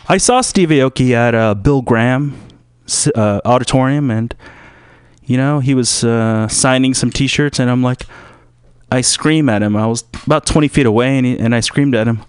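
A man hosting a radio show, rambling through a joking monologue full of fillers and sudden loud put-on voices. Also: medium pitch, moderate pace, clear, resonant tone, dry recording, clean studio sound. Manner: rambling, jumps into loud shouted impressions; filler-heavy, loose and joking.

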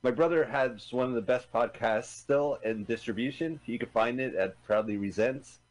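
A man co-hosts a casual internet radio podcast, chatty and rambling, sometimes groping for the right word. His voice is mid-range and his speed normal.

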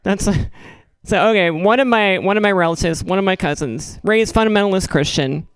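A young woman spins a rambling, self-mocking comic story, tripping over her own fillers. Her voice is smooth and clear. It sits close and dry on the mic. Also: medium pitch, normal speed, no room sound. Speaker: improv comedy performer. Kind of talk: storytelling stand-up improv.

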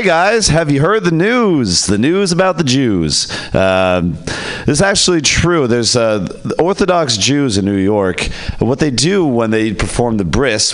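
Man, stand-up comic, low voice, smooth tone, deadpan, open mic set. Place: comedy open mic stage.

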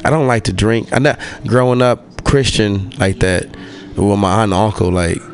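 Laid-back slangy man, lowish voice. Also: moderate pace, a little hiss or hum. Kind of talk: casual storytelling chat.

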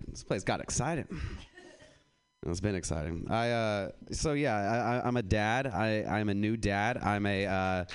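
A man's voice: on the low side, a little hiss or hum. A man performing a laid-back, rambling, self-deprecating stand-up comedy set on a club stage.

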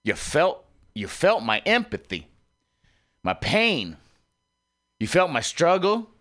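A man hosting an internet radio show, talking in a rambling, emotional monologue that repeats itself and swings from loud outbursts to hushed asides. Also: a little high, wildly swooping pitch, takes it slowly. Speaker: podcast host.

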